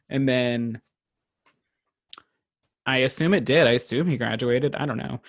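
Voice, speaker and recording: A young man from Virginia talks through a film in a casual podcast chat. He is sarcastic and quick with comic asides, and his voice sits at an ordinary middle pitch. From Virginia, USA. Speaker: podcast co-host.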